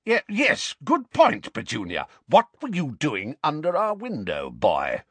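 A man playing a furious, bullying middle-aged uncle who snarls and croaks with rage. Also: fairly high pitch, huge pitch swings, unhurried, fairly bright tone, dry recording, voice pushed up, full character voice. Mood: indignant.

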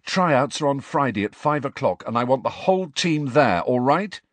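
Angelina, a man doing a brisk girl captain. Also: mid-range voice, lively intonation, no echo, voice pushed up, natural voice. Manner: brisk, businesslike. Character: brisk teenage girl team captain, businesslike.

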